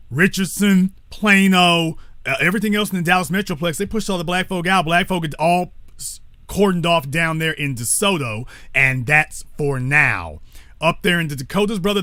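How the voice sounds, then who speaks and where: A man's voice: fairly high pitch, bright, forceful tone, dry recording. A man hosting a call-in talk show, speaking bluntly with profanity and stopping to correct himself.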